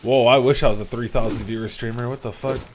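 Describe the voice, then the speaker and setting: A young man streaming a game live, chatting with his teammate, thanking viewers loudly and swearing casually. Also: medium pitch, fairly even intonation, fast, slight background noise. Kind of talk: live-stream gameplay chat.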